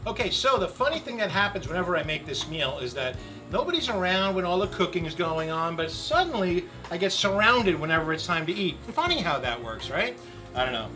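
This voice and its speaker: A man's voice: sits high, sing-song, a little fast, music in the background. A middle-aged man hosting a grill cooking video outdoors, chatting upbeat and joking to camera. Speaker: grill cooking show host. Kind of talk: casual cooking demo to camera.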